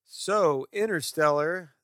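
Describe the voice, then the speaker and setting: A man co-hosting a podcast, chatting about movies with enthusiastic, animated storytelling. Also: fairly high pitch, slow pace, no echo, studio quality. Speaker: podcast co-host. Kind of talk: casual film discussion.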